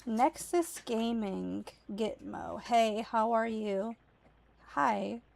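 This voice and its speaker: A woman's voice: fairly high pitch, extremely slow, vocal fry. A woman from the United States casually chatting while streaming a game, explaining words to her chat at an easy pace. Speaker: streamer and mother.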